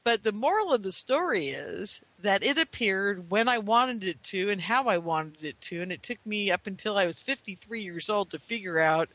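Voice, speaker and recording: A man's voice: sits high, pushed and bright, no room sound. A man in his fifties telling a rambling, earnest personal story as a guest, with many "you know" asides. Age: 50s. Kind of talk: casual anecdotal storytelling.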